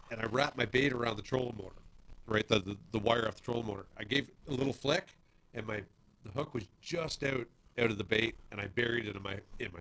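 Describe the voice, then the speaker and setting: Man, studio podcast co-host, animated storyteller, lively pitch, noise hissing behind. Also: vocal fry, poor audio. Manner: animated storyteller, acts out quotes. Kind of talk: casual studio chat, storytelling.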